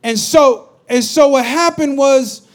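A man, preaching a sermon as pastor. His voice sits high for a man, and he swings from loud, urgent bursts down to low, confiding asides. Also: slow.

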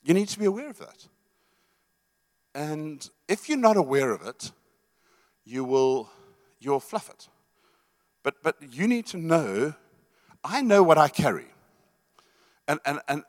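Emphatic middle-aged man preaching. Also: mid-range voice. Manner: emphatic, repeats words, asks the room questions. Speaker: pastor. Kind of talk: sermon teaching.

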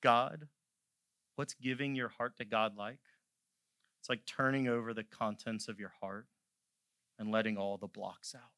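Male pastor, sermon, bright ringing voice, dry close sound, builds from quiet asides to loud fervent peaks. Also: medium pitch, dry recording. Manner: impassioned, swells from quiet to loud; conversational storytelling asides.

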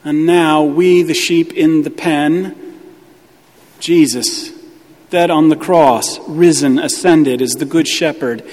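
A man's voice: on the high side, steady tone, slow, darkish tone. Emphatic man preaching in a reverberant hall. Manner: emphatic preaching with repeated hammering words. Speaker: pastor. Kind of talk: sermon.

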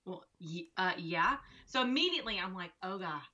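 A woman co-hosting a casual chat, telling a lively story and acting out each voice in it. Her voice sounds bright and forceful. The recording is muffled and lo-fi. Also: lowish voice, moderate pace. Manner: expressive, acts out quoted dialogue. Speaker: podcast co-host and mother. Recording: dull lo-fi recording.

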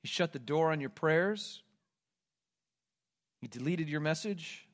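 A man preaching a sermon, reading scripture aloud and moving between loud, pleading cries and hushed, quiet lines. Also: fairly high pitch, lively intonation, slow pace. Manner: reads scripture aloud with emphasis. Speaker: pastor.

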